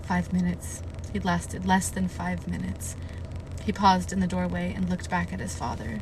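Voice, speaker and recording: A woman reading a novel aloud on a live stream, with steady narration and emotional, gushing asides to her chat. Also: lowish voice, moderate pace, noisy background. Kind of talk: live read-aloud with reactions.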